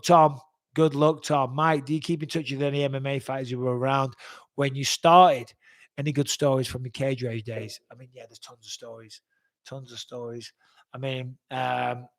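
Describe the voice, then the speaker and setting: A man in his forties, answering fan questions in a blunt, rambling way and swearing freely. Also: fairly high pitch. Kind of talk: casual fan Q&A.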